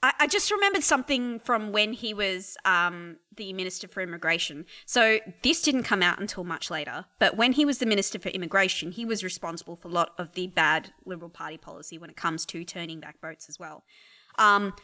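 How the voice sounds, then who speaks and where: A woman's voice: lowish voice, expressive, brisk, sharp tone. A woman in a casual political chat, telling a story with amused laughter.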